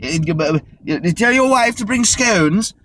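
A man's voice: high-pitched, lively intonation, measured pace, a bit bright, slight background noise, pitched above the performer's own voice. A man mimicking a fussy, overly formal European man who stammers through long-winded goodbyes.

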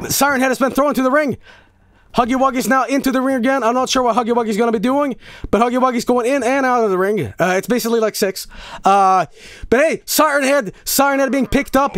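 A man with a worn-out, hoarse voice doing shouted mock wrestling-announcer commentary on a stream. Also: very high-pitched, brisk, no room sound, clean studio sound. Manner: shouting, hyped announcer calls.

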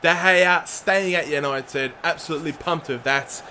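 A man commentating his own football video game, excitable and shouting at the players and the referee. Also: on the high side, moderate pace, slight background noise. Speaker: gaming channel host.

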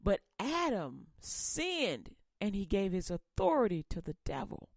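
A woman radio preacher giving an impassioned sermon, swinging between loud emphasis and quiet asides. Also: medium pitch, huge pitch swings, a little slow, gravelly, no echo, studio quality.

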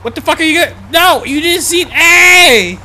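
A man commenting on his own horror game play, jumpy and foul-mouthed, talking to himself and shouting when scared. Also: extremely high pitch, quick pace, slight background noise. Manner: jumpy, profane, talks to himself. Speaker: gamer.

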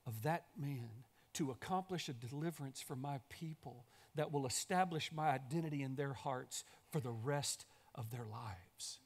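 A calm, patient God speaks in a lowered, hushed voice, every word gentle and steady, the way a man preaching acts him out. The tone stays unhurried and reassuring. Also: close to an everyday voice.

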